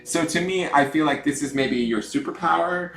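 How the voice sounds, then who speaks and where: A man hosting a casual tarot livestream from home, chatty and self-mocking, swinging between loud greetings and mumbled asides. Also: fairly high pitch, normal speed, gravelly, roomy sound. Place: room at home with dogs snoring nearby.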